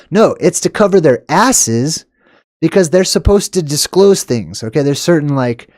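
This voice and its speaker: A man hosting an excited commentary on clips, emphatic and animated, with sharp upward jumps on stressed words and lots of "okay" and "all right". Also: a little high, moderate pace, no echo, studio quality. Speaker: video host.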